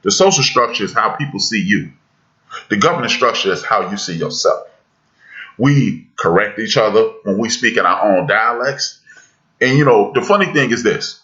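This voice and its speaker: A man hosting a podcast discussion, talking in an emphatic, preacherly way that builds to loud peaks. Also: fairly low pitch, lively intonation, moderate pace, dull audio. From United States. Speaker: podcast host.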